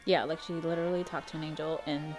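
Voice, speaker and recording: A woman's voice: low-pitched, flat delivery, fast talker, darkish tone. A woman co-hosting a casual faith podcast, adding agreement and wry asides. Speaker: podcast co-host. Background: faint background music.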